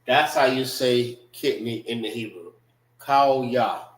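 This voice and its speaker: A man teaching an informal language class, slow and repetitive, casual in his talk. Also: mid-range voice, far from the mic. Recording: roomy, from off-mic.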